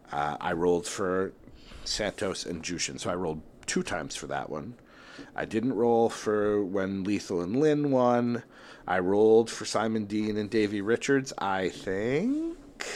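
A man's voice: lowish voice, a little mellow, a little hiss or hum. A man hosting a solo wrestling tournament bracket show, thinking aloud in casual talk with lots of fillers and restarts.

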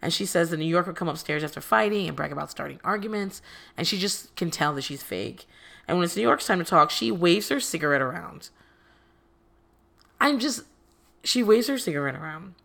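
A woman's voice: fairly low pitch, expressive, brisk, vocal fry, a bit bright. Profane, sarcastic woman recapping reality TV. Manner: sarcastic, profane, exasperated asides. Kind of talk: casual recap commentary.

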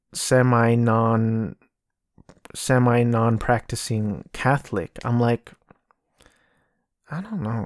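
Male podcast host, mid-pitched, slow and meandering, frequent self-corrections, dry close mic. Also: no echo. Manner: rambling, self-correcting, mocking impressions. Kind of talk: casual solo podcast talk.

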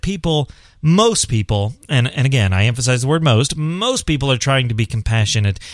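A man's voice: medium pitch, dry recording, studio quality. A blind man, a parent, talking casually to visually impaired viewers, earnest and encouraging, often repeating a point for emphasis. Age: adult, parent of a son. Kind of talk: casual advice monologue.

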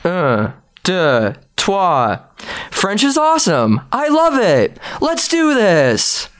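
A man voicing a fussy, eager male bandmate in a comedy sketch, hesitant and animated. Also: a little high, unhurried, smooth. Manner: hesitant, then chirpy in French.

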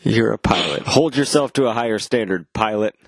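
A man co-hosting a podcast, tossing in quick joking reactions during casual chat. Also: lowish voice, expressive, no echo. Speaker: podcast co-host.

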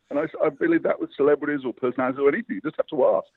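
A man, a publicist, telling lively motivational anecdotes as a guest over the phone. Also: a little high, rapid-fire, hardly any pauses, no room sound. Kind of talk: interview storytelling. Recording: tinny phone line.

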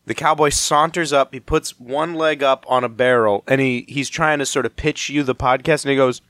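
A young man hosts a podcast in loose, joking chatter, wandering off on tangents as he goes. His voice sits at an ordinary middle pitch. The sound is close and dry. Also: fairly even intonation, a bit bright, no echo. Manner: rambling, jokey, quick tangents. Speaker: podcast host. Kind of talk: casual chat.

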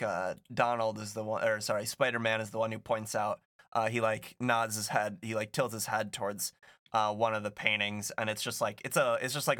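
A man's voice: on the low side, fairly bright tone, dry recording, studio quality. A young man narrating as game master in a rambling way, with many fillers.

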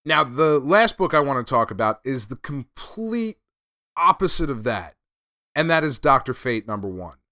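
A man's voice: mid-range voice, very animated, moderate pace, sharp tone, dry recording, clean studio sound. A man hosting a podcast, casually recapping and reviewing a comic, laid-back and a bit profane. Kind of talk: casual chat.

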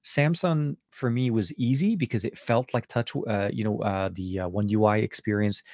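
Man, rambling tech podcast host, low voice, dry close mic. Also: normal speed, no echo. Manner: rambling, self-correcting, excited asides. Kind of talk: casual tech podcast chat.

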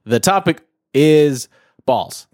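Playful male host, lively pitch. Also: takes it slowly, no echo, clean studio sound. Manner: playful, teasing, laughs easily. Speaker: podcast host running a word game. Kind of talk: casual chat.

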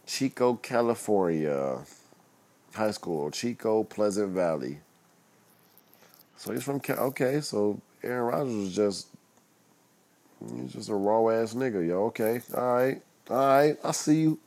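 A young man rambling casually on his own, loose and profane, muttering asides between louder bursts and breaking into laughter. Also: lowish voice, animated, measured pace. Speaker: solo commentator.

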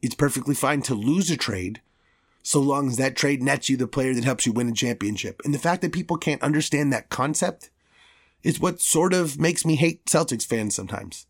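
A man's voice: medium pitch, expressive, moderate pace, breathy edge. A man hosting a sports podcast, delivering a heated, profane rant with strong emphasis.

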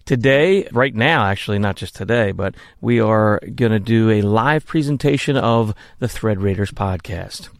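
A man's voice: on the low side, normal speed, few pauses, dry recording. Guy hosting a live podcast stream, rambly and jokey about himself, dry close sound. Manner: rambling, self-mocking questions. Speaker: podcast host. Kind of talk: casual live-stream chat.

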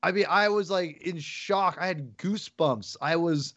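A man talking as a podcast guest, excitable and rambling, often restarting his sentences. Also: fairly high pitch, unhurried, dry recording, highs cut off. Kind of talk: casual chat.

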